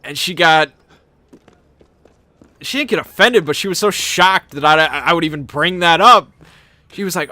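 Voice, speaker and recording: Man, casual storyteller, bright tone, slightly high pitch, amused and rambling. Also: normal speed, long pauses, no echo. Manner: rambling, amused anecdote-telling. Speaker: channel host.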